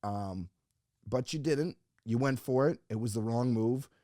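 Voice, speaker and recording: A medium-pitched man with a warm tone speaks at a measured pace in clean studio sound with no room echo. Hosting a comedy podcast, he reads a listener post aloud and jokes about it in casual chat.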